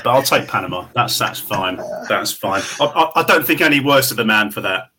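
Male co-host, lively bright voice with a husky edge. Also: medium pitch, fairly quick. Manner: wry, laughing, sweary banter. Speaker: podcast co-host. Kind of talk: casual podcast chat.

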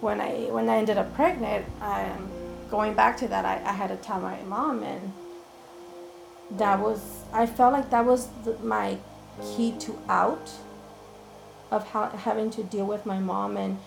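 A woman's voice: mid-range voice, steady tone, unhurried, creaky, music in the background, low-quality recording. A woman, an interview guest, candidly telling her own story and often quoting what people said. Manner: candid, frank, often quotes people in conversation. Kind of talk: personal storytelling.

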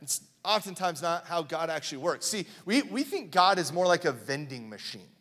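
A man's voice: fairly high pitch, very animated, moderate pace, a bit bright. A man in his thirties preaching a sermon as pastor, in a loose, joking storytelling way with plenty of fillers, recorded in a church hall. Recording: long hall reverb.

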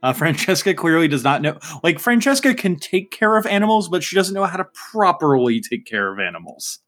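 A man narrating a tabletop game as game master, chatty and relaxed, with many fillers. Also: a little high, brisk, soft background music.

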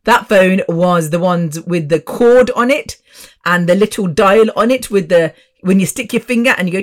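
A woman's voice: lowish voice, animated, moderate pace. A woman in her fifties hosting her own podcast, chatty and rambling with asides. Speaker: podcast host. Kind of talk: casual solo podcast chat.

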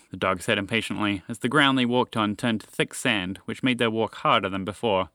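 A man hosting a story podcast, reading scripted storytelling narration in a friendly, expressive way. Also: mid-range voice, fast, hardly any pauses, dry recording, studio quality.

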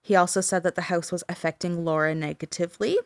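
A woman's voice: lowish voice, fairly even intonation, fast talker, dry recording. A woman co-hosting a podcast, telling a paranormal story in casual chat with fillers and the odd swear word.

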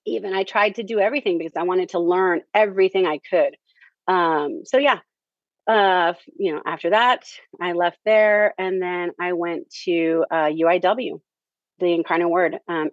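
A theater director, appearing as an interview guest, tells her story in a chatty, conversational manner, leaning often on "you know" and "um." Her voice is lowish, and the recording is dry, dull, and lo-fi.

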